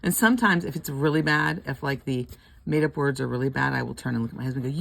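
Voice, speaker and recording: Speaking fast in an extremely low, creaky voice, an elderly woman rambles on at home as she scratches off lottery tickets. She laughs frequently and mutters letters almost under her breath.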